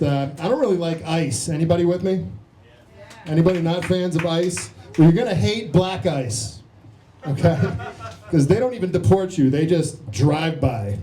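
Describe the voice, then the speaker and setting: A man hosting a comedy show, who tells quick jokes between the acts and brings on the next comedian. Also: fairly high pitch. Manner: brisk, quips between acts. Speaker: host. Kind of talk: stand-up host patter. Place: comedy club stage.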